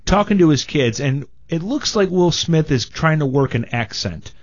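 A man chatting as a film critic guest on a radio show, animated and mock-quoting people. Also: fairly high pitch, normal speed, muffled recording. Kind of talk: casual radio banter.

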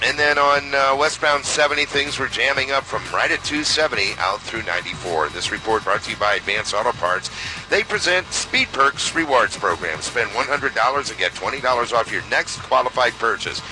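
Brisk radio traffic reporter over music. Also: male voice, medium pitch, expressive, rough recording. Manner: brisk, matter-of-fact. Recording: radio broadcast with music bed.

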